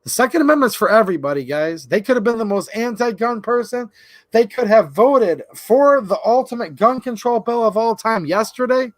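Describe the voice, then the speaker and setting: A man's voice: very high voice, animated, moderate pace, dry recording. A man hosting a casual livestream, rambling and opinionated, talking straight to his viewers from a close desk mic. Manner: rambling, opinionated, talks to chat. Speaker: livestream host.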